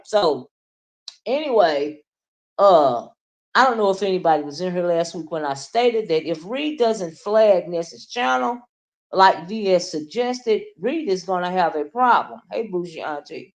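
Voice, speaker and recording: A woman's voice: fairly low pitch, expressive, normal speed. A woman, chatting casually on a livestream, greeting viewers by name and calling them honey. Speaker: livestream commentator. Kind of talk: casual live-chat commentary.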